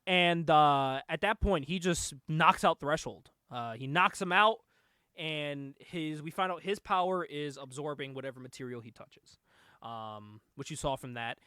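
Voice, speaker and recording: A man with a high, bright voice hosts a laid-back podcast chat. He retells a movie with lots of energy, jumps into the characters' lines and breaks into laughter. The sound is close and dry, with no room around it. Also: measured pace, clean tone, dry recording. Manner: animated storytelling, laughs often, acts out lines. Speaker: podcast host. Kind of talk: casual chat recapping a movie.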